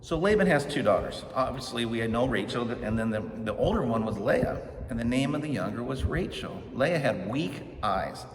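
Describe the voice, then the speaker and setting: Joking middle-aged pastor in an echoey church. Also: male voice, mid-range voice, expressive, moderate pace, few pauses. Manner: joking, conversational, acts out characters' lines. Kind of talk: casual storytelling sermon. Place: church sanctuary. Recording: echoey hall, distant mic, background noise.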